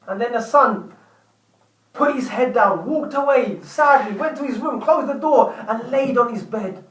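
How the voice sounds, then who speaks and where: A chatty man with a high-pitched voice tells a story to his viewers, often repeating himself. His voice sounds roomy, as if he sits a bit back from the mic. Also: measured pace, a bit bright, far from the mic. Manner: chatty, repeats words while telling. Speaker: vlogger telling a story. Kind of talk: casual storytelling vlog.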